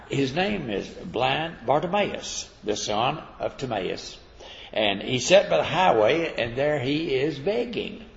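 A man's voice: mid-range voice, gravelly, a little hiss or hum. A man preaching a sermon in a folksy, conversational way, retelling scripture stories as he goes. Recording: echoey hall, dull lo-fi sound.

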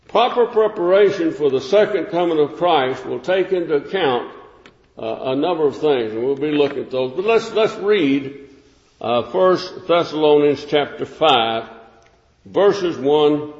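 An older man delivers a sermon in a slightly high voice, talking it through plainly and then pressing key points with emphasis. His voice rings through a reverberant hall, and the recording sounds a little dull and muffled. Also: lively intonation, darkish tone. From United States. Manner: measured, conversational preaching with emphatic rises. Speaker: preacher.

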